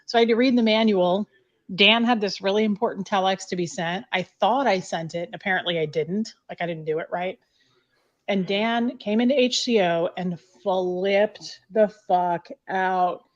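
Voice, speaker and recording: A woman's voice: medium pitch, normal speed. Woman, candid storyteller, salty and blunt, muffled call audio. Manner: blunt, swears freely, many "like" fillers. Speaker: guest recounting her past.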